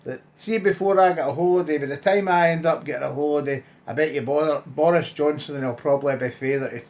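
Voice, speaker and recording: A man's voice: fairly high pitch, fast, darkish tone. Wry middle-aged Lanarkshire Scottish man. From Scotland. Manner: chatty, wry, grumbling. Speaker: vlogger. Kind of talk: casual ranting monologue.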